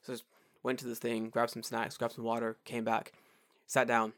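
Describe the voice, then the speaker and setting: A man's voice: medium pitch, moderate pace. A man from England with a London accent, casually telling travel stories and acting out the people in them. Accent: London English. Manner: animated, acts out dialogue, swears freely. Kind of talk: casual storytelling chat.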